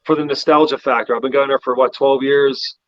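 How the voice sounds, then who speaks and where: A relaxed man from the Pittsburgh area rambles through his stories and keeps tossing in "man." His voice sits in the middle range, and the recording is dry and a little dull, as if the top end had been rolled off. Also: medium pitch, brisk, no echo. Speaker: podcast guest. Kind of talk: casual chat.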